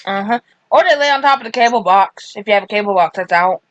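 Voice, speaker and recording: A woman's voice: medium pitch, lively intonation, quick pace, dry recording. A woman in a casual live chat who jokes and teases. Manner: joking, playful. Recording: muffled lo-fi audio.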